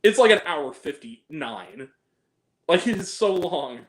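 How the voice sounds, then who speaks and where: A man chatting casually on a film review podcast, animated and profane, laughing often as he rants. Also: a little high, measured pace, roomy sound, rough recording. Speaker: podcast co-host reviewing films. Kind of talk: casual chat.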